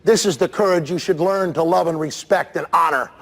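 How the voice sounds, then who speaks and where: A man giving an animated, playful talk at a school assembly, shouting for emphasis and slipping into comic impressions. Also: on the high side, fairly quick. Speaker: motivational speaker at a school assembly. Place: large school gym with students. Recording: reverberant hall with crowd murmur.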